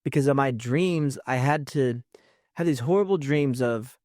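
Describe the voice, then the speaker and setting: A man hosting a podcast, telling a personal story in a halting way, often restarting his thoughts. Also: medium pitch, darkish tone, no room sound, clean studio sound. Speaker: podcast host.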